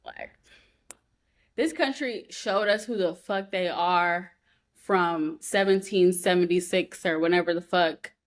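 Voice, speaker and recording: A woman co-hosting a podcast, telling a story in a heated, profane, animated way. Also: lowish voice, slow pace. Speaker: podcast co-host. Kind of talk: casual chat.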